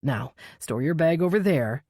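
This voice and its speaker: A woman voicing a grieving but brisk male TV news boss, speaking in a clipped, earnest way. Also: fairly high pitch, animated, darkish tone, breathy edge, no echo, studio quality.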